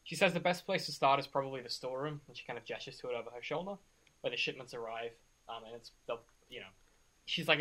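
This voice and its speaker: A male game master narrating a tabletop session in a loose, rambling way, full of fillers. He talks quickly with a bright, forward tone. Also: mid-range voice, rough recording.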